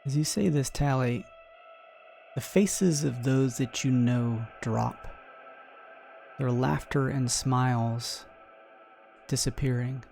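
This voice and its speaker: A man narrating a tabletop game as game master, slow and dramatic. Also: mid-range voice, gravelly, darkish tone, soft background music.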